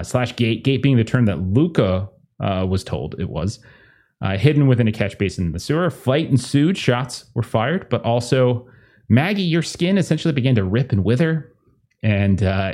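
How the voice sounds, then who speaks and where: A man narrating as game master, in a relaxed and rambling way. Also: on the low side.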